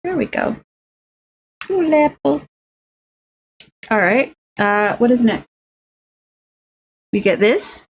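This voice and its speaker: A woman's voice: a little high, big pitch swings, slow pace, vocal fry, long pauses, slight background noise. A young woman streaming as she builds miniatures, chatting playfully and making silly sing-song noises. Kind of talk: casual chat while crafting miniatures.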